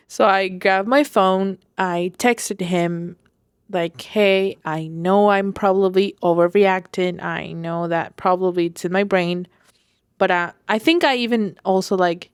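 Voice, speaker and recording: Slow-talking woman telling a personal story. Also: mid-range voice, smooth, dry recording, studio quality. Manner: rambling, full of fillers and self-corrections. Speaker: podcast host. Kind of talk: personal diary-style storytelling.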